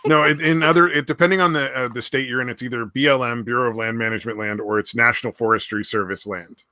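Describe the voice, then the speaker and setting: A man's voice: medium pitch, steady tone, fast, bright, forceful tone, dry recording, clean studio sound. A man co-hosting a podcast, rambling in casual, profanity-heavy chat. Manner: rambling, swears a lot. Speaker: podcast co-host.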